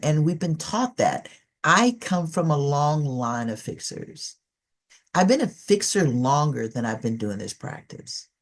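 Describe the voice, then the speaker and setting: A middle-aged woman giving a conversational presentation as a trainer in an online session, telling stories with animation and coaxing listeners to join in. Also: sits low.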